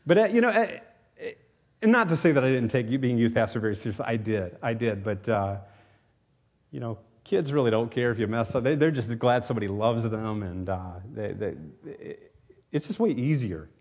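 A man's voice: medium pitch, animated, normal speed, darkish tone. A man raised in Tennessee, preaching a sermon as pastor, earnest and rambling with many restarts. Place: church.

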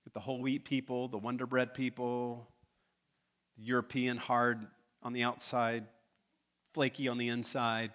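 A man's voice: mid-range voice, flat delivery, normal speed, pauses often, fairly bright tone. A man preaching a sermon as pastor, emphatic, building to urgent pleas.

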